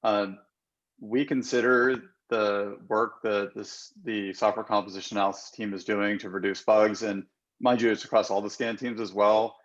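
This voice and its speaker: A man hosting a work video-call meeting, speaking in a measured, businesslike way. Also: on the low side, muffled recording. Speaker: meeting host.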